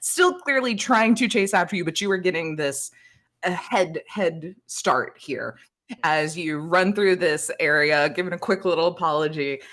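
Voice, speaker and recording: A woman's voice: fairly low pitch, unhurried, a bit bright. A woman running a tabletop game as game master, narrating casually and laughing often.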